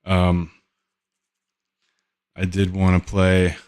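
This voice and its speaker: A man hosting a podcast, talking casually and haltingly, often searching for words. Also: sits low, monotone, a little mellow, clean tone. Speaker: podcast host. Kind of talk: casual solo commentary.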